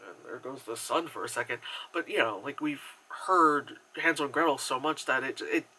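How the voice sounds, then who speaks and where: A man's voice: mid-range voice, moderate pace, pushed and bright, rough recording. A man giving a casual spoken movie review at home, rambling with lots of fillers and the odd casual swear. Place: at home, indoors.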